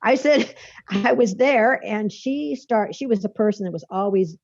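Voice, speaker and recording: A woman's voice: mid-range voice, lively intonation, moderate pace, a little mellow, a little hiss or hum. A woman guest recounting a personal experience in an interview, a vivid storyteller who laughs often and restarts her sentences. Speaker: author and podcast guest. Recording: dull lo-fi dry recording.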